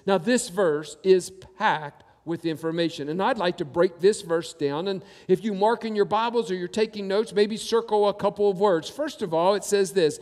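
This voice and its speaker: High-voiced male pastor preaching in a hall. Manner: emphatic preaching with repetition and slow stressed quotes. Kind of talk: sermon.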